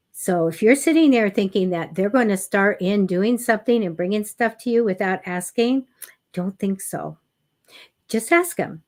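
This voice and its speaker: A woman hosting a casual psychic reading stream, chatting her way through personal stories. She talks in a loose, rambling style full of ums and restarts. She mixes in direct, encouraging advice. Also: medium pitch. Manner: chatty and anecdotal, with many fillers. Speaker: psychic reader and host. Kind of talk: casual livestream chat.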